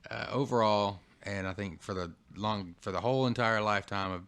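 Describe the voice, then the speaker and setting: Low voice podcast guy, earnest, keeps restarting his sentences. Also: brisk, creaky, fairly bright tone, clear, resonant tone. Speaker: podcast guest. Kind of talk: casual podcast chat.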